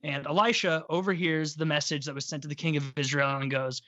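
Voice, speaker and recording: A man's voice: fairly high pitch, fairly even intonation, brisk, pushed and bright, no room sound. A male podcast host telling a story in a casual, irreverent and profane way, full of jokes. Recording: dull dry recording.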